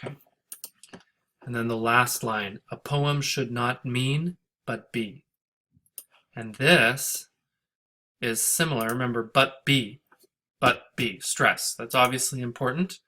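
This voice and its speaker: A man's voice: mid-range voice, takes it slowly, pauses often, pushed and bright. A man teaching a recorded lesson on scanning a poem, thinking aloud with restarts and reading lines of verse in a sing-song rhythm. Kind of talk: recorded lecture on poetry scansion.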